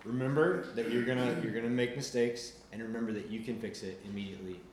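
A man's voice: medium pitch, steady tone, quick pace, a little hiss or hum. A man preaching a conversational sermon as a pastor, with frequent restarts and casual fillers. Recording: roomy sound with faint ambience.

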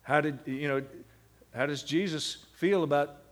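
Slightly high and a little slow, a middle-aged man's voice delivers a seminary lecture on Bible meditation. He asks his students questions and then answers them himself.

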